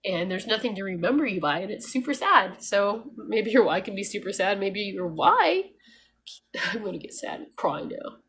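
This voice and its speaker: A woman's voice: mid-range voice, fairly quick, a bit bright, slight background noise. A woman vlogger talking casually and frankly, laughing often and mimicking others as she rants. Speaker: homesteading vlogger. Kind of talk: casual talking-head rant.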